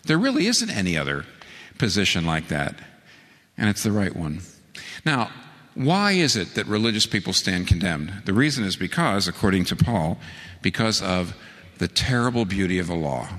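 Bright-voiced man preaching in a hall. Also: big pitch swings, moderate pace. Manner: storytelling, voices quoted lines with big pitch jumps. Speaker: pastor. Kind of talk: sermon.

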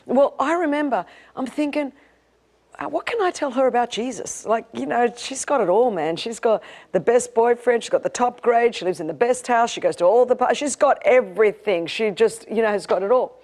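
A high-voiced Australian woman in her fifties preaches with fervent emphasis. She builds to rousing, repeated declarations, then drops into quieter, intimate storytelling. Her delivery is a pastor's: urgent, heartfelt and driven. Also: brisk. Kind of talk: sermon.

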